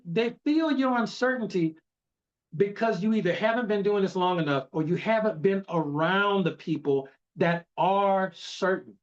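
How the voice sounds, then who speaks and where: A man's voice: high-pitched, lo-fi sound. A man leading a motivational team training over a video call, coaching in an emphatic, repetitive way. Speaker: network marketing team leader.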